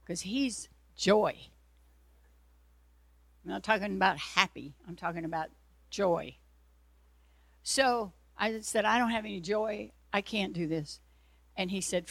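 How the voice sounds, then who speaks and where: A woman's voice: mid-range voice, unhurried, pauses often, fairly bright tone, no echo. A woman preacher giving an earnest sermon testimony, telling her story and acting out her own prayers and God's replies.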